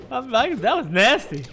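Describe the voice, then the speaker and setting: Male game streamer, brash and profane, high bright voice that swings wildly; faint music underneath. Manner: brash, profane trash talk. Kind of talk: casual live-stream gameplay chat.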